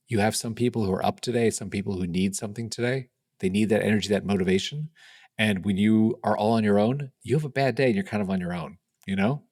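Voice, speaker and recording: Lively man telling a story. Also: lowish voice. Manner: animated storyteller who acts out quoted dialogue. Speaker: startup founder, podcast guest. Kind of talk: casual storytelling interview.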